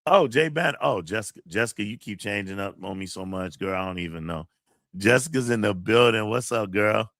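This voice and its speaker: A man's voice: lowish voice, fairly quick, a bit bright, no echo, clean studio sound. A man hosting a livestream, reading chat comments and venting emphatically, with plenty of profanity. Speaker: college teacher and livestream host.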